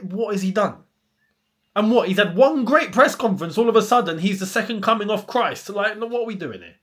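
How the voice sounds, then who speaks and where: A man's voice: high voice, animated, brisk, a bit bright. A young man, hosting a casual football chat and ranting with plenty of rhetorical questions. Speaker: football channel host.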